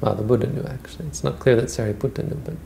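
A man's voice: medium pitch, fairly even intonation, racing, creaky, mellow, a little hiss or hum, rough recording. A man retelling a Buddhist story as a teacher, in a conversational way with frequent restarts.

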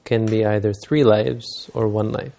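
A man's voice: on the low side, steady tone, a little slow, creaky, warm tone. A man giving a Buddhist dharma talk, telling stories and explaining teachings unhurriedly, using Pali terms.

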